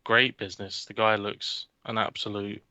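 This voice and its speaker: Bright-voiced sweary man on a football podcast. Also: on the low side, level tone, moderate pace, no echo, muffled recording. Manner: sweary, rambling, mocking. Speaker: podcast co-host. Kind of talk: casual football chat.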